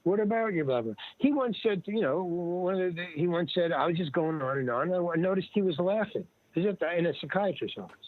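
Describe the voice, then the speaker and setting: This older guest speaks in a fairly high voice, telling rambling, digressive casual stories full of restarts and quotes from others. The line sounds tinny and phone-like, dry with no room sound.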